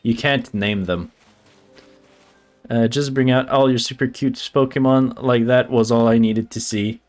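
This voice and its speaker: A man streaming a game, excitable and casual, swearing, stammering and humming to himself. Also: mid-range voice, a little slow. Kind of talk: casual let's-play commentary. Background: faint game music.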